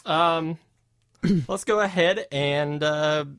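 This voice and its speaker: A man's voice: on the high side, drawn-out words, a bit bright, smooth. A man co-hosting a podcast, chatting casually in a playful way. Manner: playful, laughs often. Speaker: podcast co-host. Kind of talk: casual chat.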